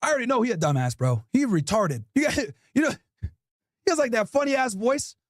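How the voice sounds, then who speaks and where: A man hosting a podcast, loudly and profanely roasting people with mocking, animated comedy. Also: very high-pitched, fairly quick, no room sound, clean studio sound. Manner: loud, mocking, animated, swears constantly. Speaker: podcast host.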